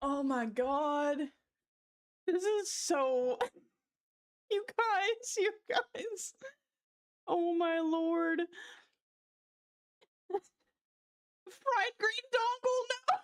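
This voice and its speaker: A woman's voice: very high voice, very slow, long pauses. A woman livestreamer chatting casually, reading chat jokes aloud with frequent giggles and short exclaimed protests.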